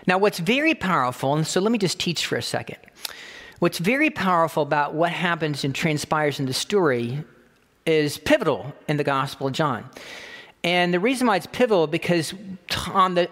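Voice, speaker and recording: A man preaching a sermon, emphatic and repetitive, slowing down to quote scripture. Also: a little high, fairly bright tone, long reverb tail. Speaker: pastor.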